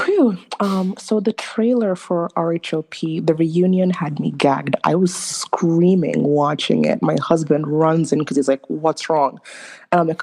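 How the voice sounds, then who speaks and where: Gravelly, excited woman caller. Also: sits low, unhurried. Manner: excited, gushing, laughing. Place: at home in Scotland, at midnight.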